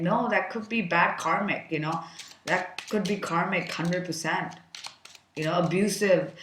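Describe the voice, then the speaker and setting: A woman's voice: fairly low pitch, reverberant, a little hiss or hum. A woman giving a casual tarot reading, chatty and frank, thinking aloud with many fillers and an occasional curse. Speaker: tarot card reader.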